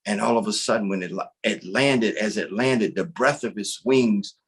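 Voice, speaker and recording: A man from North Carolina telling a creation story aloud, in an animated, conversational manner and often checking in with "right?". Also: on the low side, moderate pace, breathy edge. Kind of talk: oral storytelling of a creation tale.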